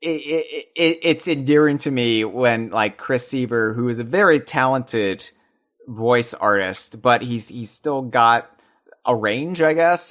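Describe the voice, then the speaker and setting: A man in casual podcast chat about video games, restarting his sentences often with animated asides. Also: mid-range voice. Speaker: podcast co-host.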